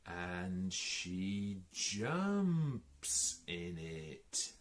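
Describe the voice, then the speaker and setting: A man reading a picture book aloud to children in an animated, playful way, asking the listeners questions and repeating words in a sing-song. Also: sits low, very slow, slight background noise. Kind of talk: read-aloud storytime.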